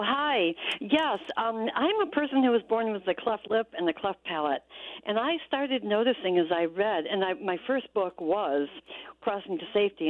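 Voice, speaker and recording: A woman calling in to a radio show, sharing an earnest criticism. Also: mid-range voice. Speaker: caller. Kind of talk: call-in comment. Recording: tinny phone line.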